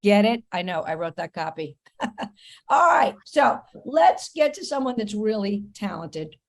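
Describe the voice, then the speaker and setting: A woman hosts her comedy podcast, talking in a loose, chatty way. She reads her own ads and drops quick self-mocking jokes between them. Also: medium pitch, very animated. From New York, USA. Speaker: podcast host. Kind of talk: casual podcast chat and host-read ads.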